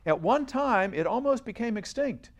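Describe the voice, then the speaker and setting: A man's voice: very high voice, expressive, moderate pace. A man hosting a school science quiz show on TV, upbeat and coaxing as he reads questions and encourages the students.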